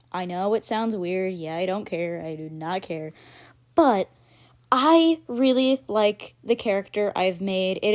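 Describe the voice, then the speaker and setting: A woman's voice: mid-range voice, a little mellow. Casual female video creator, rambly and offhand, unpolished. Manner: offhand and dismissive, drifting tangents.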